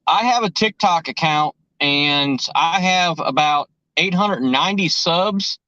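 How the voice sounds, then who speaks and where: A male guest explaining things in a measured, matter-of-fact way over muffled call-in audio. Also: fairly high pitch, sharp tone, no room sound.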